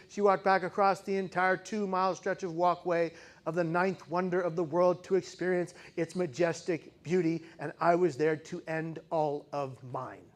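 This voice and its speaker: High-voiced man telling a dramatic story. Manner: dramatic, swings from raised intensity to hushed, slow emphasis; addresses audience directly with rhetorical questions. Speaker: keynote speaker. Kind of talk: personal storytelling speech to a live audience.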